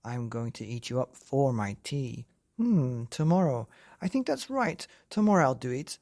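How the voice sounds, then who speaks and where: A man voicing a fierce, bossy female Gruffalo mother who scolds and boasts, in a storybook tale. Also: medium pitch, sing-song, normal speed, darkish tone. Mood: gloating.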